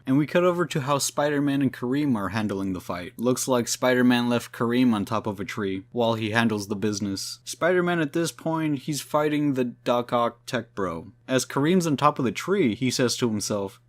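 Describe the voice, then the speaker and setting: A man's voice: mid-range voice, normal speed, hardly any pauses. A man reviewing a comic book in a casual, slangy way, swearing now and then.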